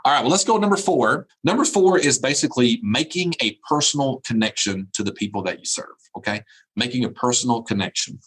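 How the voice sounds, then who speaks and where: A man's voice: medium pitch, animated, brisk, fairly bright tone, breathy edge. A man giving a motivational keynote by remote video call, preachy and emphatic, repeating his phrases. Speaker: keynote speaker.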